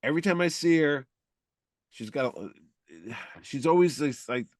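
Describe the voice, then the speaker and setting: A man co-hosting a podcast in casual chat, telling stories in a rambling, animated way. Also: fairly high pitch, unhurried, no room sound, studio quality. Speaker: podcast co-host.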